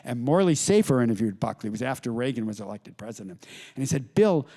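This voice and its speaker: A middle-aged man, an author, telling anecdotes to a live audience, with halting restarts and quoted voices. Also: mid-range voice, expressive, dark tone. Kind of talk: storytelling talk to an audience. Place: lecture hall with audience.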